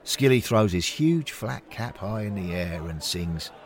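A man narrating a scripted story in an unhurried, expressive way. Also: lowish voice, some chatter behind.

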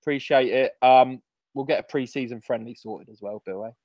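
A man's voice: mid-range voice, a little fast, darkish tone, no room sound, dull audio. A man hosting a podcast, chatting casually with matey banter. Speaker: podcast host. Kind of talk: casual chat.

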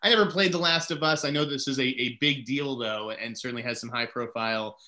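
A man's voice: medium pitch, a little fast, sharp tone. A man hosting a film podcast, chatting casually and ranting with strong opinions. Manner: talkative, opinionated, launches into rants. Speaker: podcast host, film reporter.

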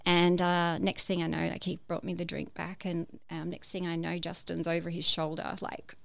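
Give me a woman recounting her story haltingly, full of fillers, with a deep-ish voice in a dry room. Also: flat delivery, creaky, no room sound. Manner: hesitant, many fillers and restarts. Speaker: podcast guest. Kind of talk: personal storytelling.

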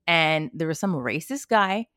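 A Canadian woman co-hosting a podcast, telling personal stories in an animated way with quoted asides. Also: deep voice, a little slow, clean tone, dry recording, studio quality. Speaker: podcast co-host. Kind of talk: casual chat.

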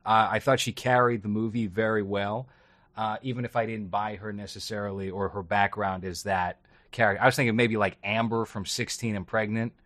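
A man's voice: on the low side, fairly even intonation, fairly quick, fairly bright tone, no room sound. Casting: sardonic male co-host in his thirties, dry sound. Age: 30s. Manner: sardonic, teasing. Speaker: podcast co-host. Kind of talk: casual chat.

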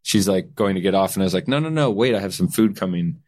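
Man from Canada, young adult, fairly low voice, lively casual storytelling, quotes people in put-on voices. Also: fast talker. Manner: animated storyteller acting out quoted lines. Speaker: guest.

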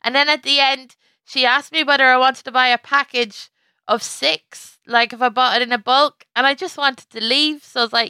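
A woman's voice: sits high, steady tone, moderate pace, bright, forceful tone, clear, resonant tone, no echo. A woman co-hosting a comedic podcast over a video call, wry and self-mocking, often breaking into giggles. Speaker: podcast co-host.

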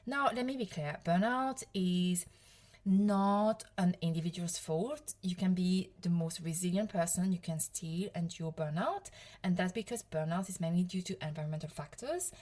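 A woman's voice: on the low side, normal speed, a little mellow. Woman, 30s, French accent, solo podcast host, coach, casual and chatty, self-deprecating. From France, Provence.

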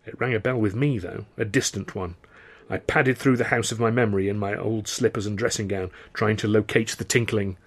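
A man reading his own novel aloud as audiobook narration, with a steady, wry storytelling manner. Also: lowish voice, moderate pace.

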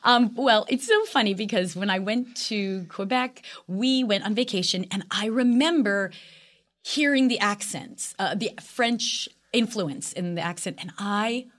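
A middle-aged woman with a Long Island accent, chatting as an actress guest in a casual interview, animated and full of fillers. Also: mid-range voice, measured pace. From Long Island, New York.

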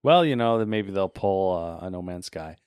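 A laid-back man with a lowish voice co-hosts a casual podcast. He chimes in with short, easy replies. The recording is dry and close. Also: animated, moderate pace, darkish tone, smooth, no echo. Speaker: podcast co-host. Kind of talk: casual news chat.

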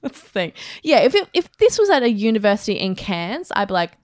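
A woman's voice: medium pitch, sing-song, a little fast, no room sound, clean studio sound. An Australian woman co-hosting a podcast, chatting casually with firm opinions. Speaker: podcast co-host. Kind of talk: casual chat.

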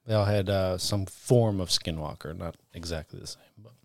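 A man hosting a casual podcast, teasing his co-host in quick banter. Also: low-pitched, gravelly, no room sound, studio quality. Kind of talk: casual chat.

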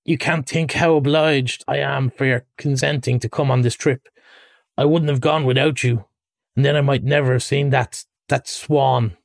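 A man's voice: mid-range voice, gravelly, no room sound, clean studio sound. A man reading a storybook aloud, voicing a dreamy, rapturous male toad lost in wonder.

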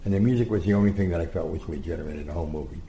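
A gravelly, low-voiced man tells long anecdotes in an interview, acting out what others said. His tone is dark and mellow. The room around him sounds echoey and open. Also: very fast, slight background noise. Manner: rambling, animated anecdotes with acted-out quotes. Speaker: guest storyteller. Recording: roomy echo.

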